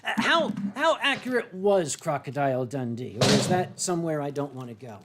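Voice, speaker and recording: A man's voice: fairly high pitch, very animated, moderate pace, heavy background noise. An older American man hosting a casual livestream, rambling and joking with lots of fillers and restarts. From United States. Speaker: livestream host. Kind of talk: casual chat while drinking wine.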